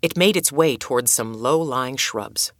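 Low, measured woman reading a story. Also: no echo, studio quality. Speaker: narrator.

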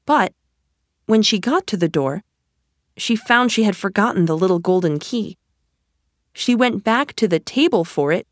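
A woman reading a children's story aloud in a gentle, deliberate storytelling manner. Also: medium pitch, expressive, no room sound, studio quality. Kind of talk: slow storybook narration.

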